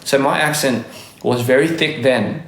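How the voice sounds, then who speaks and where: A young man hosts a livestream through his phone mic, his Australian accent faded by years spent in Korea and America. His medium-pitched, slightly bright voice moves a little slowly and echoes in the room. He reads comments, rambles, corrects himself constantly, and laughs a lot.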